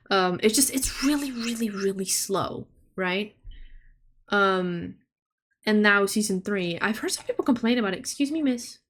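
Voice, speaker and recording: A young woman chatting casually on a stream, swearing freely and breaking off to talk to her kitten. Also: medium pitch. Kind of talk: casual chat.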